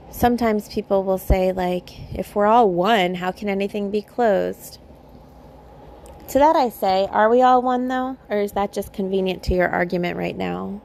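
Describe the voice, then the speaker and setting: A woman's voice: medium pitch, a little hiss or hum. Impassioned woman podcast host. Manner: impassioned, with pointed rhetorical questions; blunt and casually profane. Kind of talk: spiritual podcast monologue.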